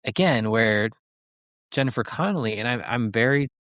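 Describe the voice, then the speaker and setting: A man co-hosting a podcast, talking about a film in a halting, thoughtful way with many fillers. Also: mid-range voice, expressive, a bit bright, no room sound, studio quality. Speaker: podcast co-host. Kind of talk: casual film discussion.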